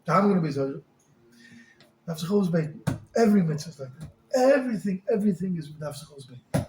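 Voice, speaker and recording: A man giving a Hasidic sermon as a rabbi, swinging from crying-out pleas to quiet storytelling, with Yiddish and Hebrew words mixed into his English. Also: high voice, animated, fairly quick, long pauses. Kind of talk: Hasidic sermon to a small group. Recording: echoey room with faint noise.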